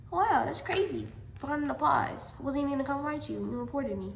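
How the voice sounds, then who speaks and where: A young adult woman telling a personal story in a storytime vlog, animated and emphatic, often repeating her lines. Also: high-pitched, a little fast, gravelly, hardly any pauses. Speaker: vlogger. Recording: echoey room.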